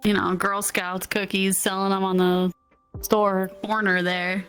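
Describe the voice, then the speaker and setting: A woman's voice: mid-range voice, flat delivery, measured pace, fairly bright tone, faint music behind. A young woman in casual chat on a stream, teasing and blunt in her opinions.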